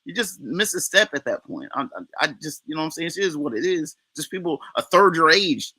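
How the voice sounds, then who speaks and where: High, sharp-voiced man rambling casually. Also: animated, a little fast, husky, no room sound. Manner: rambling, loses his train of thought, casual slang. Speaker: livestream panelist. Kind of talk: casual podcast discussion.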